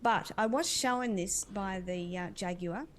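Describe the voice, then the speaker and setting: Mid-pitched woman, earnest and dreamy, describing visions, faint ambient noise. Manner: earnest, dreamy, slow-winding. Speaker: animal communicator.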